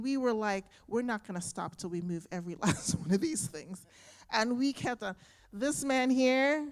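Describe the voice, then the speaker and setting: Slow, earnest woman giving testimony. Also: a little high, clear, resonant tone. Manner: earnest and grateful, moved by the memory. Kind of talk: testimony to a congregation. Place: church sanctuary.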